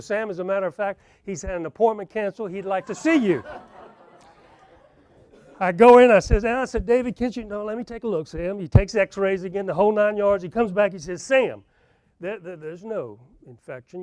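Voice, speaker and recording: A man's voice: sits high, darkish tone, dry recording. A middle-aged man giving a conference talk, telling a personal story and acting out the dialogue. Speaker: conference speaker.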